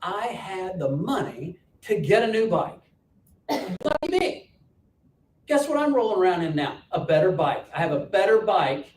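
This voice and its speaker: A man coaching an audience through a joking, self-mocking personal story, told with lively energy. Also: unhurried. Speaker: business coach and speaker. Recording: roomy and distant with faint rumble.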